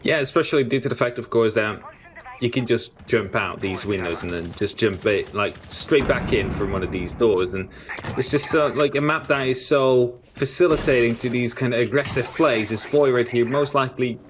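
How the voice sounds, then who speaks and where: A man's voice: medium pitch, noisy background. A man casting a live esports match, joking and poking fun at his own slips. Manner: joking, self-mocking, quick to laugh at his own slips. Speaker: esports caster. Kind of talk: live game commentary.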